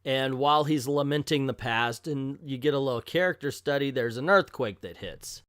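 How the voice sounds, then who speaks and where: A man's voice: mid-range voice, normal speed, a bit bright, smooth, dry recording, studio quality. A man casually reviewing an old comic book, joking irreverently and reading captions aloud.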